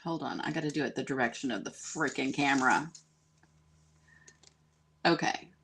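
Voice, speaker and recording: A woman hosting a live craft stream, chatty and excitable, talking straight to her viewers. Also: rumbling low, normal speed, breathy edge. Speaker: DIY craft host.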